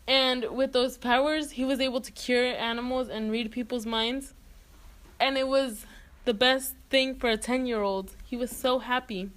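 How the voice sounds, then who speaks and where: A woman's voice: fairly high pitch, fairly bright tone. A woman casually narrating a comedic history retelling, full of silly jokes.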